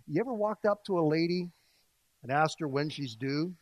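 A man preaching an earnest sermon, swinging between quiet, intimate passages and louder emphasis. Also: fairly high pitch, animated, moderate pace, no room sound, low-quality recording. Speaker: pastor.

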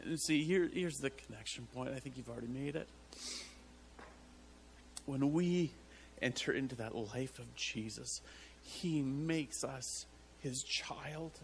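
A man preaching a sermon to his church, halting and repeating words as he tells a story, often breaking into laughter. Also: medium pitch, creaky, a little hiss or hum. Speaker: pastor.

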